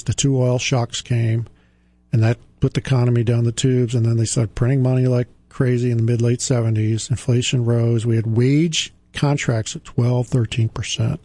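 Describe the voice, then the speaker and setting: A man in his sixties hosts a radio money show. His voice sits at an ordinary pitch and sounds dry and close, with no room echo. He speaks with emphasis, repeats his key points and pokes fun at himself. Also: dark tone. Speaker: radio finance show host. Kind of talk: radio talk monologue.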